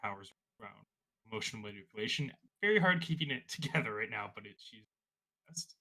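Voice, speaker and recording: A man's voice: fairly low pitch, lively intonation, fast, pushed and bright. A man playing a character in a tabletop role-play, describing what she does in a hesitant, hedging way. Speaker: player.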